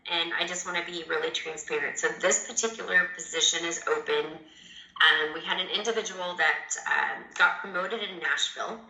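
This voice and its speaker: A woman leading a sales team interviews a candidate and talks politely, with many fillers. Her voice is low yet very bright. She joins on a video call from an echoey hotel room. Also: fairly even intonation, moderate pace, vocal fry.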